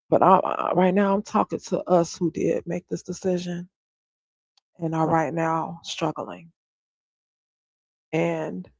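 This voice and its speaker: A woman's voice: lowish voice, vocal fry, darkish tone, husky, no echo, poor audio. A woman, a stay-at-home homeschooling mom, venting candidly to her livestream viewers and swearing freely. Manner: talks straight to viewers, often asks if they follow her. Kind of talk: casual livestream chat.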